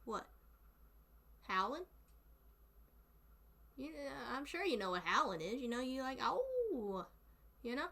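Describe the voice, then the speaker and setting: Excitable young Southern woman, chatty. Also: fairly high pitch, unhurried, pauses often. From North Carolina, US. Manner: chatty, laughs often, excitable. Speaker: streamer. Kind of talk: casual chat with viewers.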